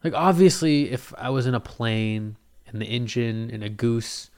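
A man's voice: mid-range voice, normal speed, darkish tone. A young man hosting a podcast, rambling through a casual comedic monologue with crude jokes and lots of fillers and restarts. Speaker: podcast host.

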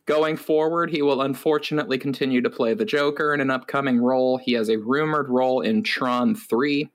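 A man's voice: mid-range voice, steady tone, brisk. A man co-hosting a podcast, telling stories in a wry, rambling way with lots of filler words. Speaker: podcast co-host. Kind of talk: casual chat.

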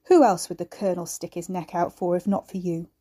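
A woman voicing a resentful, menacing young man who speaks in a gruff, grating way and snaps threats. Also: on the low side, a little fast, warm tone, lightly acted. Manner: snapping, threatening.

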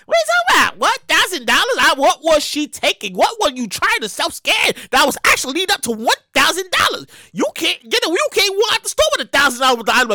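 A woman hosting her own show, giving animated, profane comedic commentary on news stories and repeating her words as she riffs. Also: high voice, fast talker, dry recording, clean studio sound. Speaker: podcast host.

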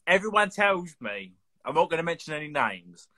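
Host read: young man, teasing and chatty, animated swings of pitch, bright edge. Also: normal speed. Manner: chatty, teasing, stammers into restarts. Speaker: host of a reptile live show. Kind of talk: casual live-stream chat.

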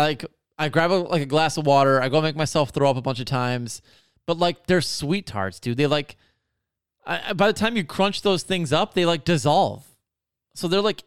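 A man's voice: a little high, smooth, no echo, studio quality. A man telling a long story in a casual, rambling way, swearing often and full of fillers. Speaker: podcast co-host telling a story.

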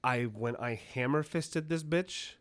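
A young man retells a wild night with heavy swearing and animated delivery, jumping into the voices of the people involved. His voice sits at a medium pitch, and he talks like a casual podcast co-host. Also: unhurried. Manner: profane, animated retelling, acting out quotes. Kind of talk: casual storytelling.

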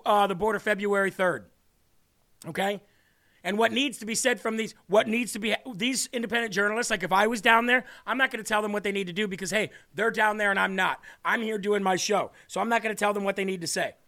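Fired-up high-voiced male show host. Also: creaky, pushed and bright. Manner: combative, ranting, emphatic. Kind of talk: heated political commentary livestream.

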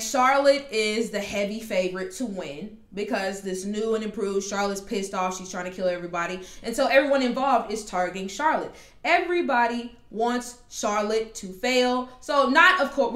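A woman hosting a casual podcast, talking animatedly and quickly with plenty of asides. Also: on the high side, a bit bright. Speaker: podcast host. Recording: roomy echo.

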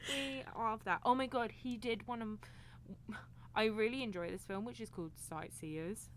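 A woman's voice: fairly high pitch, unhurried, a bit bright, slight background noise. A British woman co-hosting a podcast, chatting casually, giggly and swearing freely. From England. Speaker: podcast co-host. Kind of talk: casual chat.

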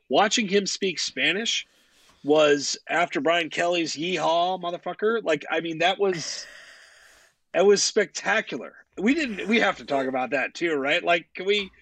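A man's voice: fairly high pitch, a bit bright, no room sound. A man co-hosting a sports podcast in casual chat, blunt and opinionated, swearing freely. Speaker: podcast co-host.

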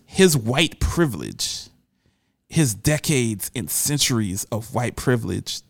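A man's voice: medium pitch, dry recording, clean studio sound. A man giving an impassioned opinion monologue, emphatic, his voice rising when he gets indignant and often repeating words as he starts a thought. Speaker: commentator.

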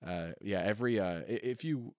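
A man's voice: lowish voice, normal speed, a little mellow, no room sound, clean studio sound. A man in his thirties telling a rambling comedic story, full of "like" and self-mocking asides. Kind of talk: casual comedic storytelling monologue.

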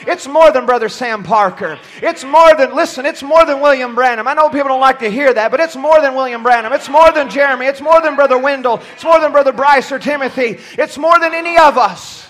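A man preaching a sermon from a church pulpit, shouting at times and dropping low at others, often stumbling over his words. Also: brisk, hardly any pauses. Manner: impassioned, swings from shouting to near-quiet.

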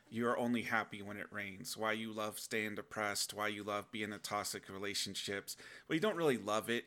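A man's voice: lowish voice, pushed and bright. A man talking earnestly in a casual, rambling advice monologue, with restarts and playful acted asides.

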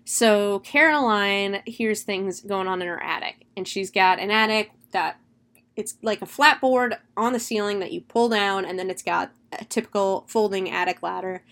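A young woman casually recapping a horror film, chatty and animated, swearing freely. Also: mid-range voice, normal speed. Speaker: movie reviewer.

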